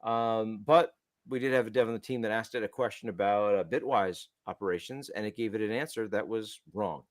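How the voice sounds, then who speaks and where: A man's voice: on the low side, a little fast, no room sound, studio quality. A man co-hosting a developer podcast, telling stories in a casual, rambling way with many restarts. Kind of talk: casual tech chat.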